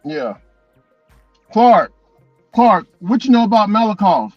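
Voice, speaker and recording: High-voiced man telling road stories. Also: sing-song, takes it slowly, no echo, lo-fi sound, soft background music. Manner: loose, profane storytelling with frequent laughs. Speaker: delivery driver vlogger. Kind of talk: casual chat.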